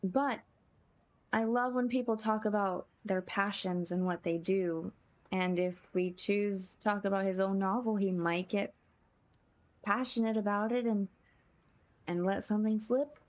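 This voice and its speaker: A woman's voice: medium pitch, steady tone, a little slow. A woman streaming a story game, chatting and giggling with her chat as she plays. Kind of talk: casual game commentary. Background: game music.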